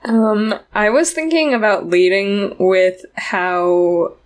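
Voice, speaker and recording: A woman with a Southern Utah accent co-hosting a podcast in casual chat, laughing often and using lots of "like" and "um". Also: mid-range voice. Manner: slow, laughing, filler-heavy. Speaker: podcast co-host.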